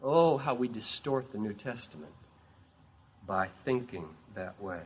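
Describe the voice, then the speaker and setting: A man preaching a sermon, telling a vivid story with emphatic, measured delivery. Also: lowish voice, animated, husky.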